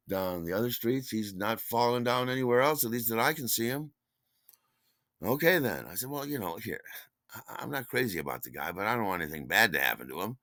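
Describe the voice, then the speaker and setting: A man with a deep, low voice and a bright, forceful edge tells a rambling story in a dry, close-miked room. He talks casually and breaks into loud acted-out lines when he quotes people. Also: no echo. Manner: rambling, animated, acts out others' shouts. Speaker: podcast storyteller. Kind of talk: casual spoken memoir.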